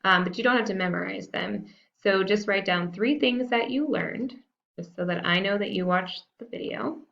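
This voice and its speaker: A woman's voice: medium pitch, moderate pace, creaky, a bit bright, dull audio. A woman teacher talking students through a recorded lesson in a casual, self-deprecating way, with frequent fillers. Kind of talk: recorded classroom lesson walkthrough.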